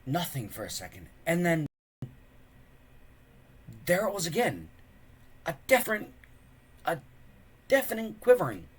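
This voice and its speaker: A man reading a children's book aloud with expressive, unhurried storytelling. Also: a little high, husky. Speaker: reader.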